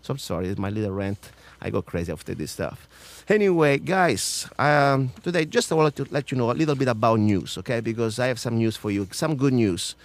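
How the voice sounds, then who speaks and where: A man with a non-native accent hosting a radio talk show, ranting about politics with strong emphasis, swinging from loud outbursts to low mutters. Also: expressive, fairly quick, hardly any pauses, no room sound. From outside the United States.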